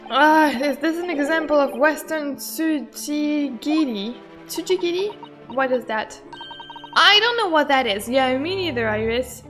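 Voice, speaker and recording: A woman's voice: sits high, expressive, measured pace, fairly bright tone, faint music behind. A woman from France with a French accent, chatting and giggling as she plays a game on stream and greets her viewers. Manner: giggly, chatty, greets chat, reads lines aloud. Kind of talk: casual let's-play commentary and reading.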